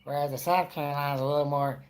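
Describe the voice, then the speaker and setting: A man's voice: a little high, fairly even intonation, fast talker. A man in his forties from Florida doing stand-up comedy, rambling through his stories and interrupting himself. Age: 40s. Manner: rambling, self-interrupting storyteller.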